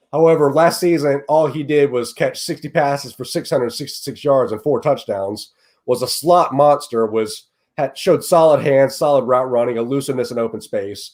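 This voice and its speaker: A man's voice: mid-range voice, a little mellow. Earnest man repeating words as he thinks. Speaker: podcast guest analyst. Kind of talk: casual podcast chat.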